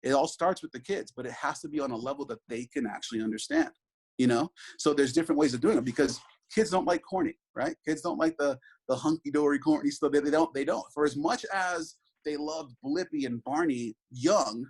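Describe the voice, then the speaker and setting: A man's voice: fairly high pitch, brisk, slightly rough, rough recording. A man in his thirties, a father, talking earnestly in an interview, reflective and full of restarts and asides. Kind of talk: conversational interview.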